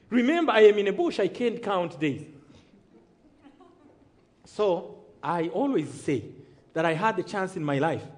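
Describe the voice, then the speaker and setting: A man from Rwanda, telling his testimony as a sermon, storytelling dramatically and calling out to the congregation for amens. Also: high-pitched. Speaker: preacher giving testimony.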